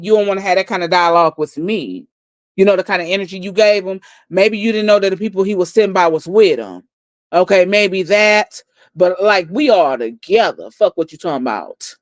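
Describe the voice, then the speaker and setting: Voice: medium pitch, a little fast, dry recording. A livestream host giving a blunt, profane story recap and repeating lines for emphasis.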